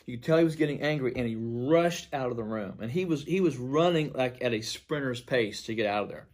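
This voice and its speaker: A man's voice: medium pitch, animated, a little fast. Earnest pastor recounting a dream, man. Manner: earnest, with loudness swinging from emphatic to near-hushed.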